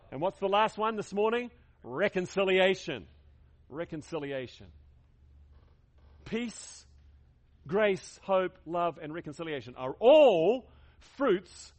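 A man's voice: sits high, expressive, unhurried, muffled recording. A man preaching a sermon to his congregation, emphatic, repeating key words and leading them in call-and-response. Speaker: pastor.

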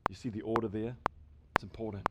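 A man's voice: fairly low pitch, fairly even intonation, quick pace. A man, a pastor, preaching an emphatic sermon to a congregation and asking it rhetorical questions. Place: church service before a congregation. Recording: loud background noise with clicks.

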